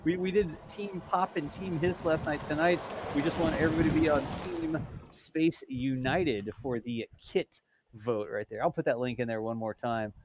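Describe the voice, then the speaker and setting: Speaking at a moderate pace in a somewhat high, slightly mellow voice, a man hosts a casual live stream and reads viewer donations aloud. He rambles a little, with lots of fillers and self-corrections, over fairly even intonation. The audio is poor, with a bit of hiss or hum.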